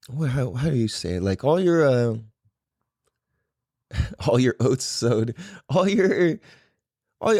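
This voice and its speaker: Podcast dude rambling thru a story, like like like, dry close sound. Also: male voice, fairly high pitch, a little mellow, no room sound. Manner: rambling, lots of fillers and "like"s. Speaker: podcast host. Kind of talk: casual solo storytelling.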